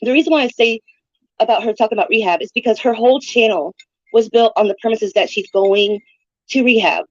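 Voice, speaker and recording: A woman's voice: fairly high pitch, a little fast, no room sound. A woman livestreaming, talking in a brash, profane and mocking way. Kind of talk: casual livestream rant. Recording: dull lo-fi stream audio.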